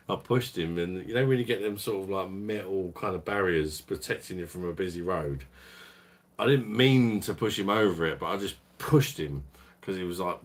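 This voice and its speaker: Low-voiced sweary man. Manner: sweary, rambling, chuckles often. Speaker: beer review livestream host. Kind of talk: casual livestream storytelling.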